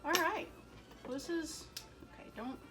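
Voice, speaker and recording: A woman's voice: high-pitched, a little slow, music in the background. Self-mocking woman hosting a home cooking vlog. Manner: self-mocking, chatty, laughs often. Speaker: cooking show host. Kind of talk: casual cooking vlog bloopers. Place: home kitchen with a cat.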